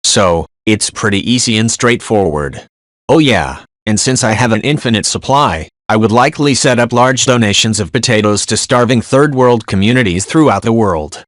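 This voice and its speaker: A man narrating online forum posts in a brisk, matter-of-fact reading style. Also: fairly low pitch, no echo, clean studio sound.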